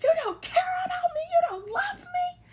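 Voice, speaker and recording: A woman voicing another woman mid-fight, crying and shrieking high with hurt. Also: very animated, moderate pace, a little mellow, slight background noise. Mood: wailing. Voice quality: high wailing cries.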